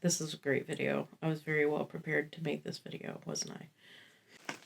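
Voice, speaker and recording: A woman's voice: low-pitched, flat delivery, fast, vocal fry, slight background noise. A woman in her thirties chatting through a casual review vlog, candid, rambling and self-deprecating, with frequent swearing. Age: 30s. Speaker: fashion vlogger.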